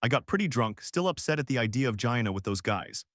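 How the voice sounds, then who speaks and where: A man reads a first-person audiobook in a reflective, confessional tone. His voice sits at an ordinary middle pitch. The recording is dry and close, with no room sound. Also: animated, fast, dry recording. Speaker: audiobook narrator.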